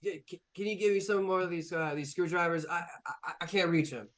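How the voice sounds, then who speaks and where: A man plays a spoiled, whining mechanic in a tabletop game. The voice is pitched up from his usual one and stumbles over repeated words. It has a pleading, childish whine. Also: quick pace, a bit bright, far from the mic. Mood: whiny. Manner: whining, stammering pleas. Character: whiny spoiled male mechanic.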